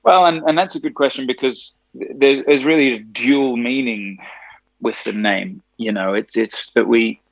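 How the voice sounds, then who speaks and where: Australian-Tennessee male musician, gravelly and dry, chatty storyteller. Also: medium pitch, a little slow, dry recording, dull audio. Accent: Australian with some Tennessee. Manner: chatty, laughs easily, animated storytelling. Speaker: musician guest. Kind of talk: casual phone interview.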